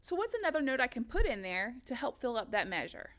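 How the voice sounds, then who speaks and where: A woman's voice: fairly high pitch, sing-song, fast talker, fairly bright tone. A woman music teacher giving a recorded lesson for children, upbeat and encouraging, counting beats and chanting rhythms aloud.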